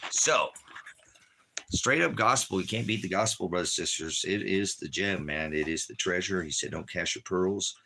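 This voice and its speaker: A man preaching an informal home sermon with fervent delivery that swings from low murmurs to shouted warnings. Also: moderate pace, creaky, slight background noise.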